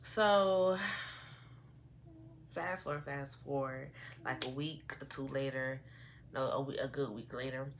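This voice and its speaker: A woman in her early twenties telling an animated, rambling story on her vlog, often quoting herself. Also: extremely low pitch, takes it slowly, long pauses, a little hiss or hum. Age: 20s. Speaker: vlogger. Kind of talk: casual storytime. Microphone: phone camera.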